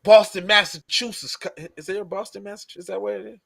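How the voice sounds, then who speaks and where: A man's voice: high voice, little pitch movement, very fast, gravelly, slightly rough, dry recording. A man co-hosting a podcast in casual, slang-heavy banter, repeating "cuz" and laughing often. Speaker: podcast co-host.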